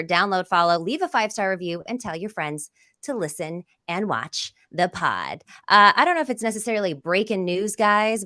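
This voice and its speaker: Bright upbeat woman hosting a podcast. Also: mid-range voice, no echo, studio quality. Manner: upbeat, presenter-like. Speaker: podcast host. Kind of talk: podcast intro and sports chat.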